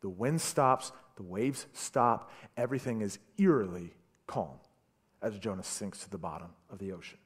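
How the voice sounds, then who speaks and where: A man preaching a sermon, retelling a story with animated delivery and stammered repeats. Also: fairly low pitch, normal speed, slightly rough. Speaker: pastor.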